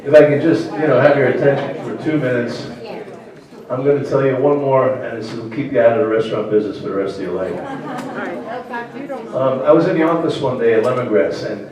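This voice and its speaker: A man, a chef, telling wry, joking stories to an audience in a large hall. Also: mid-range voice. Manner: wry, joking anecdote teller. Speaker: chef giving a lecture. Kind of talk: storytelling talk to an audience. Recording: echoey hall from far off with crowd.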